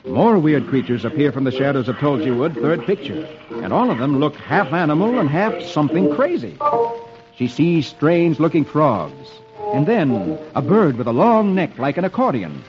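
A man hosting an old radio show, reading comics aloud as a jolly, animated storyteller. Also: on the high side, moderate pace. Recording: dull lo-fi old radio recording with music. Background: music.

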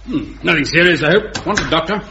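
An actor playing a stern older male judge who speaks in a measured, formal, dryly probing way. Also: on the high side, lively intonation, vocal fry, background noise. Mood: hospitable. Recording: dull lo-fi vintage recording.

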